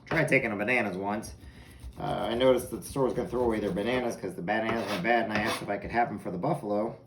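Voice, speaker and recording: Man, home cooking vlog, casual rambling chat, self-amused, roomy echo, steady background noise. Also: lowish voice, quick pace. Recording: echoey room with background noise.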